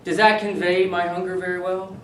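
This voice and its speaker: A middle-aged man, a university English professor, leading a classroom seminar, animated and quizzing his students. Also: sits high, brisk, a little hiss or hum. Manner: animated, asks the class questions and repeats their answers. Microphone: camera at a distance. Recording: echoey room, voice from far off.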